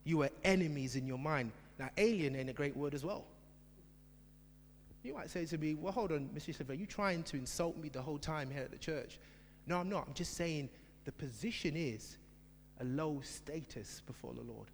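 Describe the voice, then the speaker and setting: A man preaching a sermon in a church, emphatic, swinging from shouted repetition to quiet asides. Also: on the high side, moderate pace, a little hiss or hum. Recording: long hall reverb.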